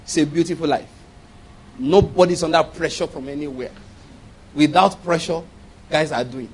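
A man preaching a sermon in an animated way, often laughing and acting out little dialogues. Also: a little high, normal speed, slightly rough.

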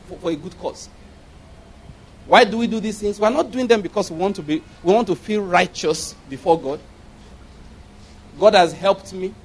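A man preaching a sermon in an animated way, often laughing and acting out little dialogues. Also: sits high, husky.

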